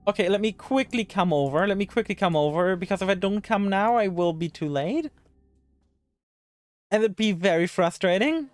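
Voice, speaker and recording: A woman's voice: mid-range voice, lively intonation, moderate pace, dry recording, soft background music. A woman streaming live gameplay, talking to the game's characters in exasperation and swearing freely. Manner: exasperated, talks to the game characters.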